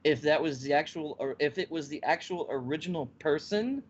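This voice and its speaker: A man hosting a podcast, recapping a story in casual chat with lively, stop-and-start storytelling. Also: fairly high pitch, fairly quick, a little hiss or hum. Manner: animated storytelling with frequent restarts. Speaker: podcast host. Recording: slightly muffled lo-fi audio.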